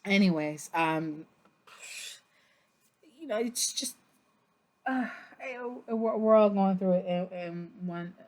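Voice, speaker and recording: Speaking in a fairly low voice, this tarot reader keeps her on-camera session casual, expressive and chatty. Fillers run through her loose delivery, and surprises draw laughter and swearing from her.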